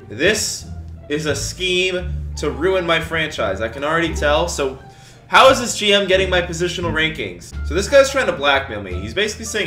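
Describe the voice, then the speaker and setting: A man's voice: on the high side, very animated, moderate pace, sharp tone, echoey room, soft background music. A young man giving casual, chatty game commentary to his viewers. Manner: chatty, talks to viewers as guys. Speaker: gaming YouTuber.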